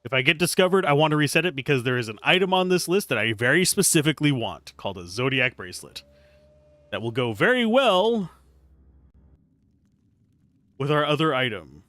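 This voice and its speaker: Lively, high-ish male game streamer. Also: brisk, long pauses, dry recording. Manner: animated, chatty, jokey asides. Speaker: streamer playing a video game. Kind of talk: casual live-stream commentary.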